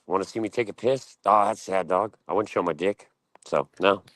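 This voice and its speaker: Profane, boastful man with a lowish voice. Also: normal speed, fairly bright tone, no room sound, rough recording. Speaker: streamer. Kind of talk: casual stream rant.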